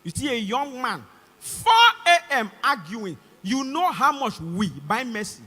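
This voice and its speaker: A young man with a Nigerian English accent performing a stand-up comedy routine on a concert stage, animated and acting out voices. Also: very high voice, measured pace, husky. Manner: animated, acts out voices and shouts. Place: large concert hall stage. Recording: live concert hall reverb.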